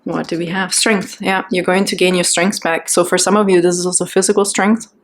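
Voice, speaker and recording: A woman giving a pick-a-card tarot reading, talking gently and reassuringly as she muses on each card and keeps checking in with "okay?" and "right?". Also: on the low side, flat delivery, a little fast, a little hiss or hum. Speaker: tarot reader.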